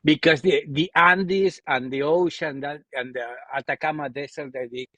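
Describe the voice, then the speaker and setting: A man's voice: on the high side, steady tone, moderate pace, fairly bright tone, no room sound. A man from Buenos Aires with an Argentine Spanish accent, hosting a casual interview and tagging his points with "isn't it?". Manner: conversational, asks leading questions with "isn't it?". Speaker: podcast host. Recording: dull, dry lo-fi sound.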